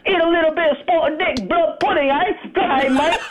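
A man putting on a mock British accent to play a rowdy pub-goer, loud and jokey. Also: very high-pitched, moderate pace, crowd noise, voice pushed up.

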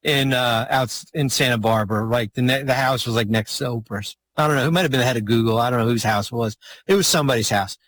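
A man, a former basketball team executive, telling a long anecdote in casual chat, rambling and animated with sudden jumps in pitch. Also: quick pace.

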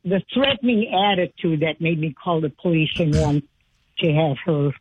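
An older woman calls in from Wisconsin to tell a story, chatty and lively, playing out each line of dialogue. Her voice is a little husky and comes through a thin phone line. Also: low-pitched, normal speed, dry recording. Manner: chatty storyteller, acts out quotes. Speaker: caller. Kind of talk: telling a story on a call-in show.

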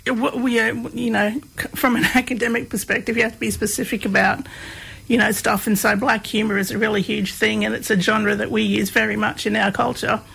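Interview guest: woman, gravelly and husky, candid storyteller with a self-mocking edge. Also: on the high side, level tone, a little fast, a bit bright, rough recording. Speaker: guest, doctoral researcher. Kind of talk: casual storytelling.

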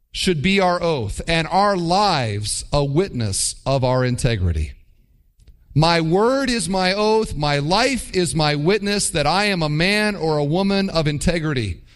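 A man's voice: a little high, fairly bright tone. A man preaching a sermon as pastor, with wry mimicking asides.

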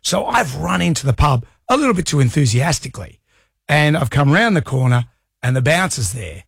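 A man's voice: on the high side, very animated, fairly quick, vocal fry, fairly bright tone, breathy edge, no echo, studio quality. A middle-aged Australian man hosting a radio show, telling a rambling story in casual banter and laughing at himself. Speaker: radio host. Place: radio studio. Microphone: studio microphone.

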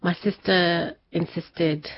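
A woman, a guest telling a personal story in an interview, animated and laughing often. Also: on the low side, slow, dull audio. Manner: animated, laughs often, acts out family members' words.

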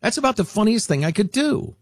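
A male talk radio host with a sardonic, mocking edge and a lively, swooping delivery. His voice sits in the middle of the range. The studio sound is dry and close. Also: high-pitched, a little fast, dry recording. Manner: animated, sardonic, deadpan mockery.

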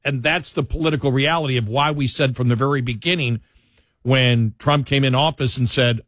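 A man's voice: mid-range voice, fairly even intonation, brisk, fairly bright tone, no echo, studio quality. A man co-hosting a political talk show, talking in an emphatic conversational way that repeats points and restarts sentences.

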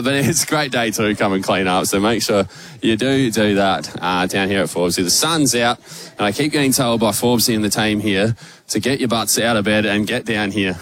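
A man's voice: on the low side, a bit bright. A man with an Australian accent, a radio host broadcasting live from a store, chatty and joking, out of breath. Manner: chatty, joking, upbeat promo patter. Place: large retail store, indoors.

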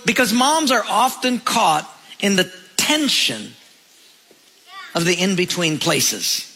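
A man with a high, bright voice preaches a sermon. He tells humorous anecdotes with lively timing and acts out the characters in his stories. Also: rough recording. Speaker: pastor.

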